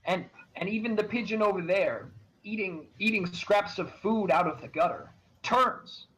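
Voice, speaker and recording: A man narrating as game master of a tabletop game, halting and full of restarts. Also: high voice, a bit bright, a little hiss or hum, poor audio.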